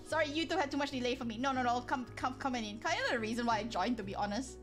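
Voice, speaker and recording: A woman's voice: high voice, fast, few pauses. A woman hosting a live stream, chatting casually with viewers, rambling, breaking off mid-sentence and often laughing as she talks. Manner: animated, rambling, frequent self-interruptions and exclamations. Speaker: livestream host. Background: soft background music.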